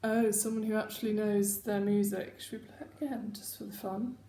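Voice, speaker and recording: A woman's voice: mid-range voice, level tone, fairly quick, heavy background noise. A woman hosting her own casual video chat, rambling and self-mocking as she talks at home. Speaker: host. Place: home room. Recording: echoey home room.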